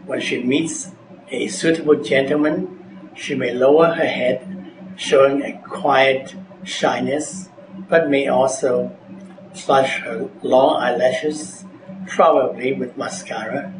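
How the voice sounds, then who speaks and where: Slow, measured male teacher in echoey room. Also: medium pitch, fairly even intonation. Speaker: English teacher. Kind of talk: scripted vocabulary lesson narration. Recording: echoey room with background noise.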